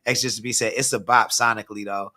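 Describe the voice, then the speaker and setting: Chill guy hosting a music review stream, bright voice, swears a lot, laughs, reads out chat. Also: fairly low pitch, steady tone, quick pace. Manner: laid-back, swears freely, laughs often, restarts sentences. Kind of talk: casual livestream chat, reading out viewer comments.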